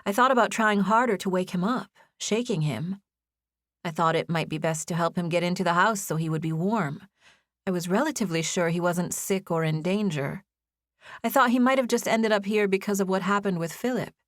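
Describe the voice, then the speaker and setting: A young woman narrates an audiobook in the first person, telling the scripted story in a soft, intimate way at a fairly quick pace. Her voice is slightly low, and the close, dry recording carries no room sound or echo.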